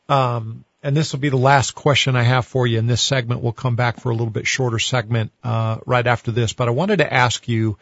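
A male radio host interviewing a guest, steady and affirming. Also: mid-range voice, no echo, lo-fi sound. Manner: steady, affirming with short hums.

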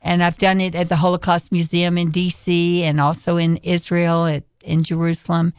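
A woman guest in a radio studio, speaking in a slow, earnest way with pauses. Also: lowish voice, flat delivery, smooth, dry recording. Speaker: guest performer. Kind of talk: radio interview.

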